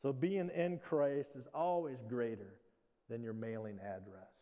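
Conversational pastor preaching in a reverberant hall. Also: male voice, medium pitch, steady tone, unhurried, warm tone, highs cut off. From Midwestern United States. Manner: conversational, with frequent restarts and "you know". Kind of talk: sermon.

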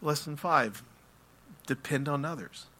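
A man preaching a sermon, moving between quiet explanation and loud, impassioned passages where he acts out prayers. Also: fairly high pitch, a little slow. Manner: acts out prayers and quotes in his own voice. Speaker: pastor.

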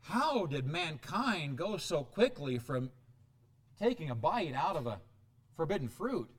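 A middle-aged pastor preaching with a high, lively voice. He swings from hushed asides to sudden loud outbursts, his pitch leaping and dropping as he drives each point home. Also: unhurried. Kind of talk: sermon.

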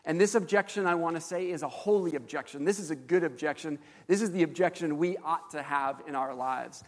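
Animated pastor preaching in a reverberant hall. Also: male voice, on the high side, a little fast. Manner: animated storytelling preacher with fillers. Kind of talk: sermon.

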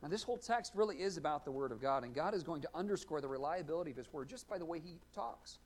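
A male pastor preaching a sermon, earnest and explanatory, rising to loud emphatic readings of scripture. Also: a little high, animated, fast.

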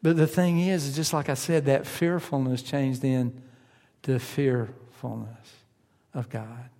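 A man's voice: mid-range voice, steady tone, slow pace, warm tone, big-room sound. A man preaching a sermon in a conversational way, asking his listeners questions and acting out their inner voices.

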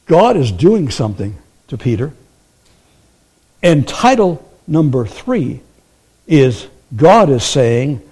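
Animated preaching man. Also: fairly high pitch, unhurried. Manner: animated preaching, acts out quoted voices, asks the congregation questions. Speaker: pastor. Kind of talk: sermon.

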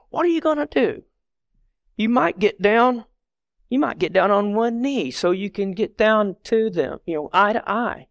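A middle-aged man delivering a conversational sermon as a lay member of his church, speaking earnestly and directly to the congregation. His voice sits a little high and sounds smooth and clear, recorded close and dry. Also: dry recording.

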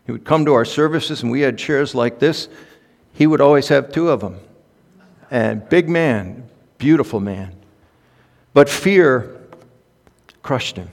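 A man preaching in a mid-pitched voice, chatty and halting as he tells personal stories. His delivery climbs to emphatic, raised peaks. The sound carries the long reverb of a big conference hall. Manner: conversational, halting with ums, rising to emphatic peaks. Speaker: pastor.

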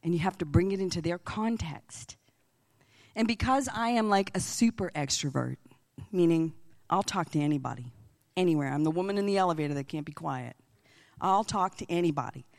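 A woman's voice: on the low side, a little fast, darkish tone. A middle-aged woman sharing a faith testimony in a chatty, earnest storytelling style. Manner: chatty, acts out quoted voices in dialogue. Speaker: Christian speaker.

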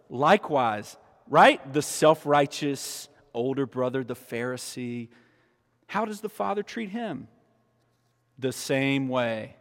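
A man preaching a sermon as pastor, animated and emphatic, often restarting his phrases. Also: mid-range voice, vocal fry. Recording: long reverb of a large hall.

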